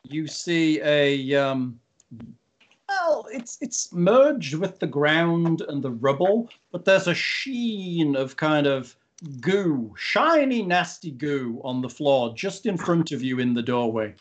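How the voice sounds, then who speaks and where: A man's voice: a little high, lively intonation, slow. A man running a tabletop game as game master, joking and teasing his players.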